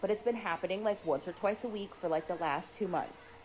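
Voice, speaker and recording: A woman's voice: fairly low pitch, a little fast, a little mellow, a little hiss or hum, rough recording. A mother telling a story to camera in casual speech, urgent and emphatic, acting out what her child said.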